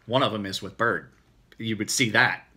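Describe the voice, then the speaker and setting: Country-accented man, middle-aged, husky and bright tone, rambling casual Q&A talk. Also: lowish voice, normal speed. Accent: rural American country accent. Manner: rambling, relaxed, self-correcting. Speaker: knife maker answering viewer questions. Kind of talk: casual Q&A video.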